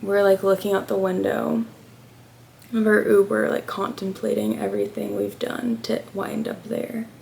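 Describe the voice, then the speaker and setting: A woman's voice: medium pitch, little pitch movement, normal speed, vocal fry. A young American woman in her twenties telling a chatty travel storytime, acting out the people she quotes. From United States. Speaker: vlogger.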